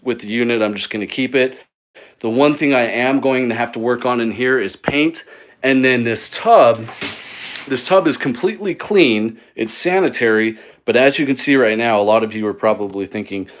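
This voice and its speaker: Man, mid pitch, casual live walk-through host, chatty and rambling, phone mic indoors. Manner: upbeat, rambling, many fillers and restarts. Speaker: mobile home flipper hosting a live stream. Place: indoors in a small mobile home.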